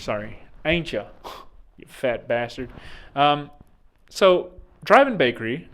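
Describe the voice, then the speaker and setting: A man from South Africa with a South African accent, talking in a rambling, digressive monologue full of sarcastic, mocking asides. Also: mid-range voice. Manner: digressive, self-correcting. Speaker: online commentator.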